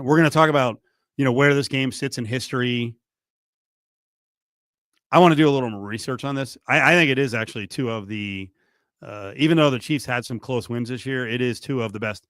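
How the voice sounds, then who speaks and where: A middle-aged man hosting a sports radio show in a studio, joking and animated. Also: medium pitch, dry recording. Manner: animated, joking, swings from mutter to near-shout. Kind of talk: casual sports talk. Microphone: studio mic.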